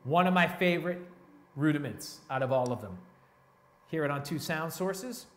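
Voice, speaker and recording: A man teaching a drum lesson in a relaxed, step-by-step way, counting beats aloud between grooves. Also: on the high side, moderate pace. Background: drum playing.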